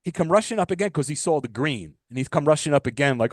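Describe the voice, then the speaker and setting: A man co-hosting a casual chat podcast, rambling through his stories and sometimes swearing. His voice sits a little high and swings widely in pitch. The sound is dry and close, with no room echo. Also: quick pace. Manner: rambling, animated storytelling with restarts and swearing. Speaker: podcast co-host.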